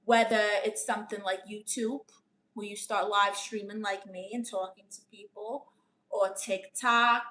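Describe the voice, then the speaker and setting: On a live stream, a woman with a New York accent reads viewers' comments aloud and answers them, giving advice as a chatty, playful aunt who calls people honey. Her voice is medium in pitch and fairly bright.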